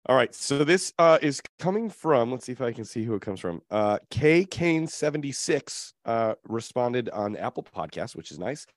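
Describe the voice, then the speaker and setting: Brief: male co-host, animated and jokey, lively pitch, dry studio mic. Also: normal speed, few pauses, dry recording. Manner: playful, animated, fond of silly voices. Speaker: podcast co-host. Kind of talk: casual chat.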